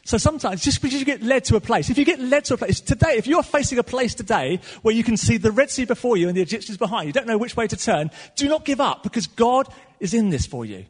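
A man preaches in a church hall, his voice high and a little husky. He swings between loud, animated stretches and soft, quiet asides. The sound has the long reverb of a large hall. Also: fast talker, hardly any pauses. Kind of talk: sermon.

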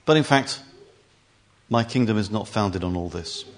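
A man voicing a calm prisoner who answers in a measured, solemn way, in a scripture reading. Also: fairly low pitch, close to an everyday voice. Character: calm, steady adult male prisoner-king.

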